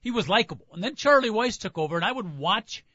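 A man's voice: sits high, expressive, fast, bright, forceful tone, no echo, highs cut off. A man co-hosting a sports talk show, chatty and storytelling, easily sidetracked. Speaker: sports radio co-host.

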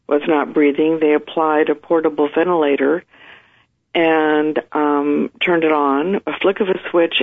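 A woman guest with her early morning voice, telling her story in a chatty, detailed way full of fillers. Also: sits low. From United States. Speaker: interview guest. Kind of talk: recounting a personal story. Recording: tinny phone line.

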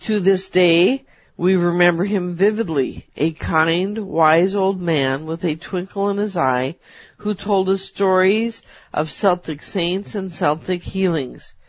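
A woman co-hosting a talk show, reading a personal story aloud in a measured storytelling manner. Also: on the low side, no room sound. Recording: dull, dry.

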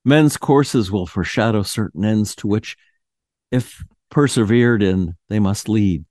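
Scrooge, a pleading old miser, as a narrator puts him on. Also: male voice, fairly low pitch, measured pace, a little mellow, no room sound, studio quality, close to an everyday voice. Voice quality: quavering, pleading. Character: terrified old miser man pleading with a ghost. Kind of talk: audio drama reading.

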